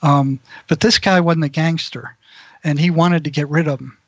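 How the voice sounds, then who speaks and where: A man with a fairly high voice spins long anecdotes as an interview guest, rambling from one detail to the next. The sound is dry and close, with a dull, lo-fi quality like audio from a call. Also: steady tone, moderate pace, no echo. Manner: rambling storyteller who acts out quoted voices. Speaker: guest, mental health practitioner.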